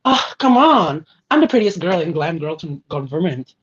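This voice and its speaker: A woman's voice: fairly low pitch, big pitch swings, normal speed, husky. A woman playing a vain, scornful young socialite who talks in a whiny, exasperated way, leaning on "hello" and "like". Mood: scornful, bratty. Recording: muffled lo-fi recording.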